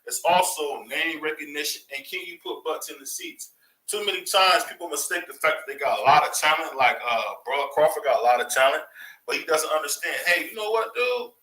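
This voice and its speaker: A man hosting a boxing talk show, ranting in a casual, excitable way and firing off rhetorical questions. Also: fairly high pitch, fairly quick, reverberant, recorded from a distance, a little hiss or hum, rough recording. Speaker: boxing commentary host. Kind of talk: casual opinion commentary.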